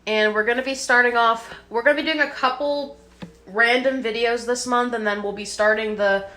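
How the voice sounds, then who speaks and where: Bright-voiced chatty woman podcaster. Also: a little high, steady tone, normal speed. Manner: chatty, filler-heavy, swears casually. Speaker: podcast co-host. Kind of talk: casual podcast chat.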